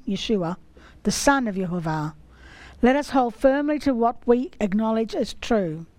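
A woman giving a sermon, reading scripture in a slow, measured way. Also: a little high, a little mellow, no room sound, poor audio. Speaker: teacher of scripture.

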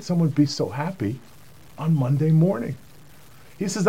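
A man's voice: a little high, animated, measured pace, pauses often, dark tone, breathy edge. A man telling a personal faith testimony in an earnest storytelling manner, acting out the voices of the people he quotes. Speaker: speaker giving a personal testimony.

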